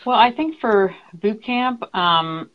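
A woman's voice: mid-range voice, slow pace, highs cut off. A woman therapist talking earnestly in a casual interview, with lots of fillers and restarts. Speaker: therapist in private practice, guest.

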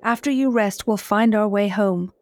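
A woman's voice: medium pitch, moderate pace, lightly acted. A woman voicing a loyal, determined young brother in a read-aloud fairy tale, speaking earnestly.

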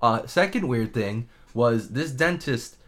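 A man co-hosting a podcast and telling a story in loose, comedic conversation. His pitch swings widely as he talks. He laughs a lot and curses casually. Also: slow. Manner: animated storytelling, laughs often, swears. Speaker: podcast co-host.

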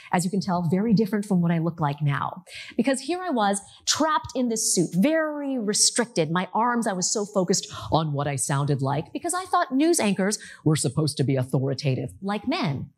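American woman doing a talk, husky voice, swoops up and down a lot when she tells a story. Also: medium pitch. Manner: lively, animated storytelling. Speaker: speaker giving a talk.

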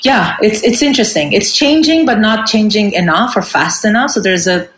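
A woman's voice: medium pitch, animated, normal speed, fairly bright tone, echoey room, a little hiss or hum. A woman in her forties from Iran, a singer speaking earnestly in a casual interview with many fillers and restarts. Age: 40s. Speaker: guest singer. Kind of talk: casual conversation.

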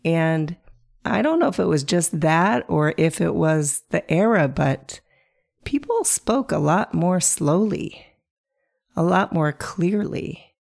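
A woman hosting a reflective solo podcast, calm and coaching, sounding hoarse from a chest virus. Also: fairly low pitch, slow. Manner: calm, coaching, asks the listener questions. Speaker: podcast host.

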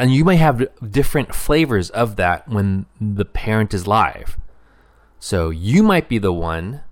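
Man, middle-aged, lowish voice, earnest, reflective, thinking aloud. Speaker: marriage speaker. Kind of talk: reflective personal talk.

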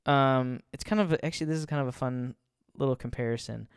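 A man's voice: mid-range voice, fast talker, clear, resonant tone, dry recording, clean studio sound. A man giving a casual faith talk. He chuckles often and rambles, restarting his sentences.

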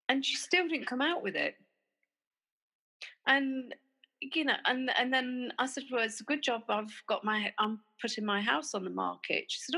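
A woman, telling a story in casual conversation. She acts out the quoted back-and-forth of an argument, talking haltingly, with fillers and restarts. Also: on the high side, creaky, pushed and bright, breathy edge, low-quality recording. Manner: retells arguments by acting out quoted dialogue.

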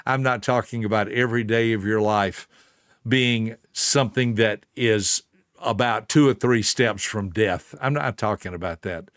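A man's voice: fairly low pitch, unhurried, a bit bright, dry recording, studio quality. A man telling a motivational story in an earnest, emphatic way and speaking straight to the listener.

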